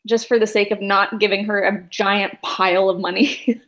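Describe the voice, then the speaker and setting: Woman game master, casual rambling narration full of fillers, mid-pitched. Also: steady tone, moderate pace, fairly bright tone. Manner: rambling, many fillers and laughs.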